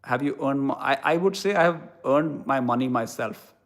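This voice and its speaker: A young man with an Indian English accent chats casually with viewers on a live stream, speaking in a mid-range voice at normal speed. He answers their questions bluntly and irreverently, with casual swearing mixed in.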